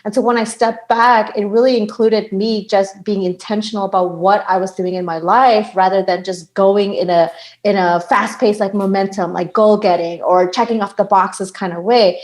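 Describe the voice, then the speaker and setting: A woman's voice: medium pitch, fairly even intonation, moderate pace, darkish tone, rough recording. A woman in her thirties from Bangladesh, a podcast guest who chats casually, often laughing and saying "like". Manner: chatty, laughs often, lots of "like". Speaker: podcast guest, sound healer. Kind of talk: casual conversation.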